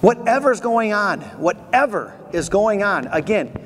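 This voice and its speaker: A middle-aged man giving a motivational keynote speech, telling stories with animated energy and drawing call-and-response from the audience. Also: high-pitched, unhurried. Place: large convention hall. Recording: echoey convention hall, faint noise.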